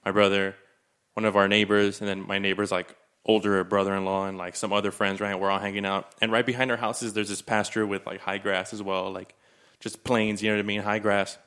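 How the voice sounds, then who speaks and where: Low-voiced man in his twenties. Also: level tone, a little fast, a bit bright, smooth. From South Texas. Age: 20s. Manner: loose, filler-heavy, says "like" a lot. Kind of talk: casual storytelling.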